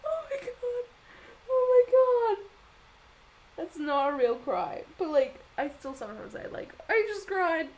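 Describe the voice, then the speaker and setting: A woman's voice: very high voice, sing-song, unhurried, darkish tone, poor audio. A young woman vlogger reading manga aloud, gushing emotionally, swearing and laughing as she reacts. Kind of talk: casual reading-aloud vlog.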